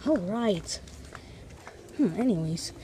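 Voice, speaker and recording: A woman's voice: mid-range voice, animated, takes it slowly, dark tone, slight background noise. A woman vlogging while walking outdoors, chatting to viewers and piling on big vocabulary words. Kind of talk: casual walking vlog. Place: outdoors on streets and in a park.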